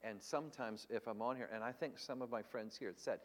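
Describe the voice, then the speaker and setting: A man's voice: mid-range voice, a little fast, big-room sound. A man preaching in an earnest, emphatic way, teaching Bible answers on a live stream and asking rhetorical questions.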